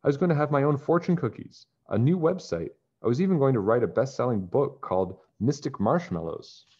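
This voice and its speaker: A man puts on a schoolgirl fortune teller who is melodramatic and quick to grumble. She pushes her lines up high and loud against a deep speaking voice. The recording is dull and lo-fi. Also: animated, natural voice. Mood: dramatic. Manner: melodramatic, complaining. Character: young schoolgirl fortune teller, dramatic and fed up.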